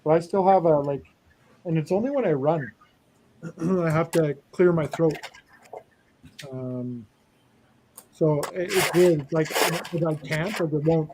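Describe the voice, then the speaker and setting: A man's voice: fairly high pitch, measured pace, pauses often, noisy background. A man hosting a casual chat, telling a funny story and acting out both sides of the conversation. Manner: storytelling, animated retelling with quoted dialogue. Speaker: host.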